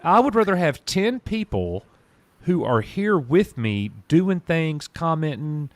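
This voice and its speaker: A man's voice: a little high, big pitch swings, slow, dry recording. A man who creates YouTube content, talking casually and directly on a live stream, rambling and laughing easily.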